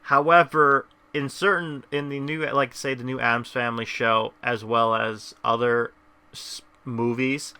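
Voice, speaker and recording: A man's voice: medium pitch, fairly even intonation, a little slow, pushed and bright, smooth. A man hosting a casual gameplay video, rambling through his commentary with many restarts. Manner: rambling, lots of fillers and restarts. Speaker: gameplay host.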